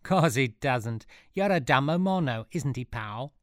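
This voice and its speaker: A man's voice: mid-range voice, measured pace, no room sound, clean studio sound, pitched above the performer's own voice, lightly acted. A man voicing a small, cheeky boy who teases in a mocking way. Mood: teasing. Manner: teasing, cheeky.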